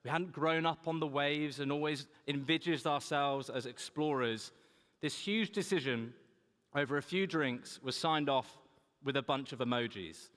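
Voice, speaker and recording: A man's voice: fairly high pitch, normal speed, fairly bright tone. A young man giving a humorous keynote talk, telling anecdotes to a large audience. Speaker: keynote speaker. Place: large conference hall. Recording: echoey hall reverb.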